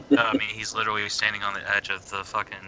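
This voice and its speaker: A man's voice: fairly low pitch, poor audio. A man co-hosting a podcast in casual chat, laid-back and swearing freely. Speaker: podcast co-host.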